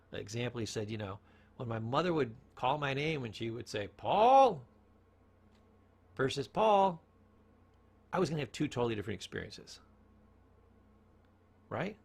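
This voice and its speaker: Man, motivational speaker, raspy fry in the voice, storytelling, rhetorical questions. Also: mid-range voice. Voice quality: gravelly, husky voice. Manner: storytelling, asks rhetorical questions, varies tone for emphasis. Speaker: speaker on communication. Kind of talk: motivational talk.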